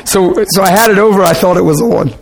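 A man preaching as a pastor, telling a story casually with lively swings between low asides and excited high bursts. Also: fast talker. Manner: casual, rambling, with restarts and laughter. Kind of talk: sermon storytelling.

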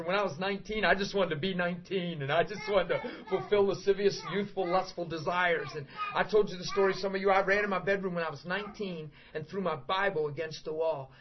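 A middle-aged man preaching a sermon, telling stories in an animated way with bursts of shouting and laughter. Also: sits high, slight background noise. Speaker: pastor. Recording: dull lo-fi sound.

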